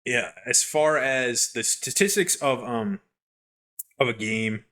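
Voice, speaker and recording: A young man co-hosting a podcast who tells gaming stories in a rambling, animated way with lots of fillers. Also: medium pitch, takes it slowly. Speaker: podcast co-host. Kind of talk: casual chat, storytelling.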